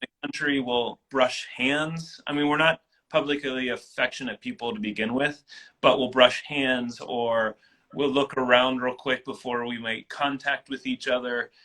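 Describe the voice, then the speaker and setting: A man in his thirties, a guest in an interview, telling personal stories in a casual, animated way. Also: medium pitch, normal speed, rough recording. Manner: animated, acts out quoted voices.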